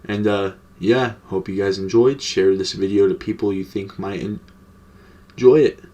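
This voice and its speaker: A man's voice: lowish voice, fairly even intonation, normal speed, dark tone, dull audio. A young man telling a casual, slangy, profane story to his vlog audience. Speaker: storytime vlogger.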